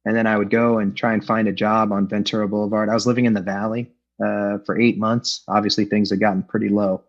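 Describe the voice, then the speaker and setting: A man's voice: lowish voice, little pitch movement, fast. Candid, self-mocking man on a dull call. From Los Angeles. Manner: candid, self-deprecating, with frequent fillers and laughs. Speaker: AA speaker sharing his story. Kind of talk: personal recovery talk. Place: home, on an online meeting. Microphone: video call. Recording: dull lo-fi online call audio.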